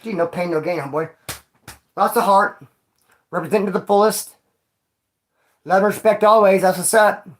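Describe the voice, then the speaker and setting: A man's voice: high-pitched, steady tone, normal speed, pauses often, a bit bright. Rambling, slangy male vlogger. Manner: rambling, slangy and joking, calls viewers homeboy and dog. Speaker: vlogger telling prison stories. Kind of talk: casual storytelling vlog.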